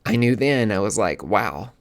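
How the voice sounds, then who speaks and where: A man's voice: lowish voice, normal speed. A man hosting a podcast, telling a personal story in a candid, casual way that grows emotional. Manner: candid, emotional, given to filler words and restarts. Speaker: podcast host.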